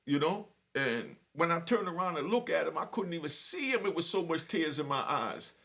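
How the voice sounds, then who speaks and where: A man's voice: fairly high pitch, big pitch swings, normal speed, gravelly, pushed and bright. A middle-aged man telling a personal story in an emotional, earnest way, with street slang and frequent check-ins with the listener. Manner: earnest street talk, repeats "you know what I mean". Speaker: vlogger telling prison stories.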